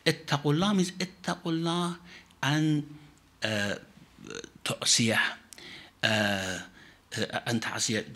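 A man, a sheikh, answering questions in a religious teaching session with measured, emphatic phrasing. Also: mid-range voice, fairly bright tone.

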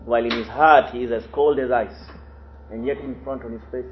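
Male teacher giving a scripture lesson, lively and dramatic with quotes; phone-thin audio. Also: mid-range voice, fairly quick, reverberant. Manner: animated, acts out quotes. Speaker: teacher of Quran commentary. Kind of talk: religious lesson. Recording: tinny phone-like line, faint hiss.

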